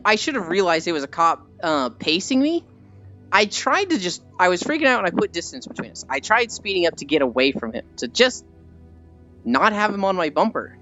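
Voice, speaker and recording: A young adult streamer chatting casually with viewers, telling animated stories and swearing freely. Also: mid-range voice. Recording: slightly dull stream audio with faint music.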